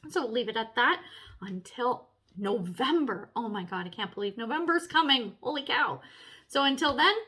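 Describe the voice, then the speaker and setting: A woman's voice: a little high, normal speed. Chatty woman giving a tarot reading. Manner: chatty, swears freely, laughs often, animated. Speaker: tarot reader. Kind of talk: casual tarot reading to camera.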